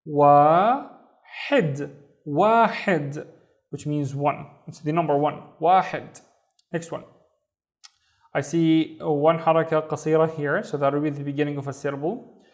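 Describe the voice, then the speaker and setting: A man's voice: a little high, flat delivery, normal speed, darkish tone. A man teaching a beginner reading lesson, patiently sounding out syllables one at a time. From Saudi Arabia. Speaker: Arabic teacher.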